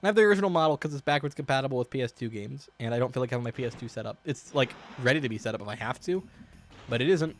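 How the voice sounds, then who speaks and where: A man's voice: medium pitch, expressive, rapid-fire. A man giving casual, rambling commentary while streaming a game, joking and swearing freely, in a hot room at home.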